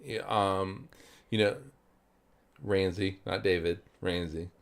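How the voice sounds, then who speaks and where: A man talks slowly through a casual podcast chat. His voice is clean and resonant. He wanders, restarts and fills gaps with "um" and "you know.". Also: low voice, steady tone. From South Carolina, US. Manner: rambling, many fillers and restarts. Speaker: podcast co-host.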